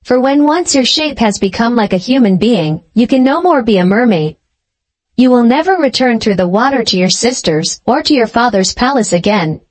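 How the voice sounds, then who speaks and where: A woman voicing a cruel, scheming old female sea witch in a storybook reading, speaking coldly and deliberately. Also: a little high, expressive. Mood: cold, mocking.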